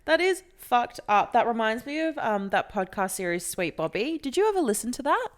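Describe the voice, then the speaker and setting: A woman co-hosting a podcast tells a story in casual chat, her voice on the high side and a little fast. She's an animated storyteller who swears freely and acts out the voices of the people she quotes.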